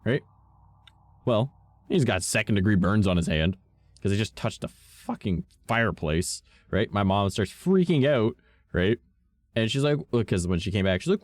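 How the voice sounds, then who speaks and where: A man's voice: fairly low pitch, expressive, normal speed, no room sound. A young man streaming, telling long rambling stories in casual chat, swearing often and tacking "right?" onto his sentences. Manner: rambling storyteller, lots of "right?" and "all right?"; swears freely and laughs at his own stories. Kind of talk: casual chat while gaming. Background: faint game music.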